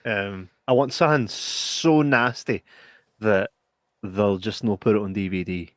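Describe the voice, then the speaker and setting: A man's voice: on the low side, unhurried, dry recording, clean studio sound. A Scottish man co-hosting a casual podcast. He talks to viewers in a chatty, sweary way and explains plans for the next show. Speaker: podcast co-host.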